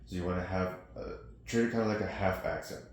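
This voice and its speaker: Low-voiced man teaching snare drum. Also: steady tone, fast. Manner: counting out rhythms between demonstrations. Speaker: percussion teacher. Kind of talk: instructional snare lesson. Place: practice studio with drums. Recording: echoey room with loud noise.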